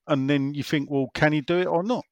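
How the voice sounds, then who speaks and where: A man's voice: fairly high pitch, fairly even intonation, a little fast, no room sound. A man hosting a casual football fan chat, rambling and repeating himself as he reads out listener messages. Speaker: football podcast host reading listener messages.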